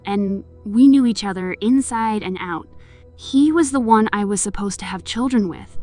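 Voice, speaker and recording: Over background music, a woman with a mellow, medium-pitched voice narrates a horror story at normal speed. She gets emotional as she voices the heroine's pleading lines.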